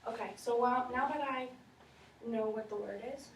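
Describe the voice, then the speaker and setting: A woman's voice: fairly high pitch, moderate pace, vocal fry. A woman teaching a class of children, asking questions and reading aloud to them. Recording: echoey room from far off, faint noise.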